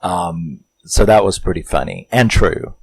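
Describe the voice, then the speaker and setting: Deep-voiced man recapping a film. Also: unhurried, gravelly, slightly rough, rough recording. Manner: rambling, animated retelling with acted-out quotes and chuckles. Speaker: movie review host.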